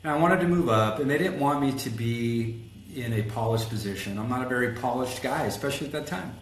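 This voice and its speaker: Animated storytelling man in an echoey room. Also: mid-range voice, fairly quick. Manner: animated storyteller acting out quotes; self-described rough around the edges. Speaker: guest, collision shop executive. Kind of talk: casual storytelling interview. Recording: echoey room with faint background noise.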